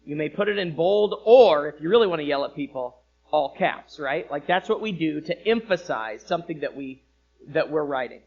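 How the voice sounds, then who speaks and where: A man preaching a sermon as pastor, with expressive delivery that rises for emphasis and drops low. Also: normal speed, muffled recording. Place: church sanctuary.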